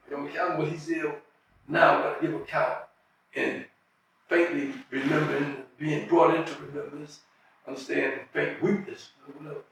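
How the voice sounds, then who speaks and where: A man's voice: fairly high pitch, vocal fry, distant mic, a little hiss or hum. An older man being interviewed, telling stories earnestly and restarting his phrases as he goes. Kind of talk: reflective storytelling. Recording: very echoey room, off-mic.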